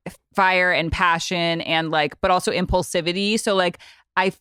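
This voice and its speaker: A woman's voice: fairly low pitch, fairly even intonation, moderate pace, sharp tone, clean tone, dry recording, clean studio sound. A woman hosting a podcast in casual chat, talking loosely and filling her speech with "like". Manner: chatty, fills talk with "like". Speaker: podcast host.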